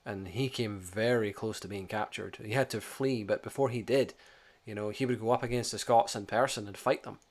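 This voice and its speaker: A man hosting a history channel in a casual, unscripted monologue, animated, swearing and full of "you know". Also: lowish voice, normal speed.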